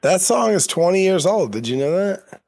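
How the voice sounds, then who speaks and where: A man's voice: high-pitched, very animated, normal speed, creaky, darkish tone. A man in his thirties co-hosting a podcast, joking and teasing in casual chat. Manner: joking, teasing, quotes lines from a show. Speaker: podcast co-host.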